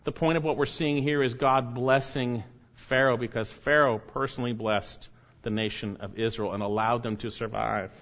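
A man preaching an expository sermon, reading scripture slowly and repeating key phrases for emphasis. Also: medium pitch, fairly even intonation, a bit bright, dull audio. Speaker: pastor.

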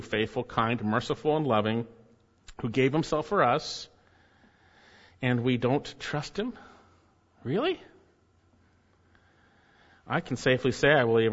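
Emphatic preacher in a dull echoing hall. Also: male voice, mid-range voice, a bit bright. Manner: emphatic, rises sharply when reading quotes. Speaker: pastor. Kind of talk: sermon.

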